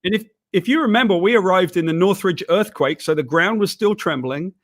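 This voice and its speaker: A middle-aged man from Wales, reminiscing in a chatty, animated way in a casual video chat. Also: high voice, fairly quick. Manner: chatty, animated, laughs while telling. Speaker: comics writer, co-host.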